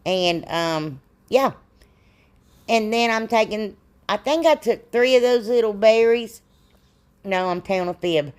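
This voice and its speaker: A woman's voice: mid-range voice, lively intonation, measured pace, pauses often, smooth. A middle-aged woman, rambling and self-deprecating as she explains a craft in a casual tutorial. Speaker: DIY crafts channel host.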